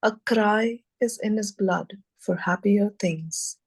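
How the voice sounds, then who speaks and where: A woman reading verse aloud in a measured way, pausing often between short phrases. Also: medium pitch, husky, low-quality recording. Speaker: student reader. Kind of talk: slow poetry reading.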